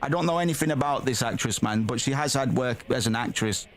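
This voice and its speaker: A man's voice: medium pitch, brisk. A man streaming a game, reading its text aloud and chatting bluntly, swearing freely and calling the audience "man" and "bro".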